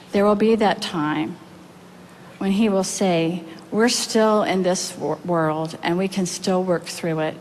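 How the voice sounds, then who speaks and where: A woman pastor preaching a sermon, telling a story earnestly and reading passages aloud with pauses. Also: fairly low pitch, slight background noise, rough recording.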